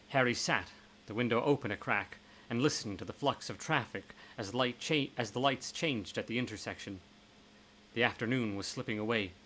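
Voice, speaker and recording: A man narrating a horror novel aloud in a live-streamed reading, in steady tones with occasional self-corrections. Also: lowish voice, slight background noise, low-quality recording. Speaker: reader.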